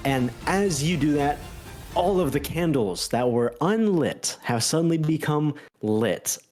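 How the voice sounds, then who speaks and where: A man narrating as game master of a tabletop game, with halting restarts. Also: on the high side, expressive, darkish tone, faint music behind.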